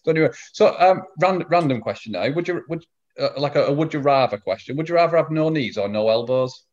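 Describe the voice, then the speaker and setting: Fast-talking northern English man, lo-fi. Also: fairly high pitch, lively intonation, a little mellow. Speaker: interviewer. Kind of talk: casual interview chat.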